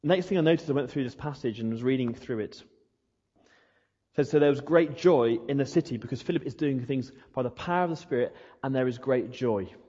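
A man's voice: mid-range voice, a little fast, warm tone, slightly rough. A man preaching a sermon, acting out questions and prayers in a rhetorical way. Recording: dull echoey hall.

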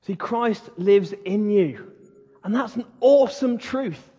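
A man preaches with fiery, emphatic passion, his voice pitched high and a little husky. He delivers a sermon as a pastor, leaning into dramatic pauses. The sound is dull and lo-fi, with long reverb from a large hall. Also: warm tone.

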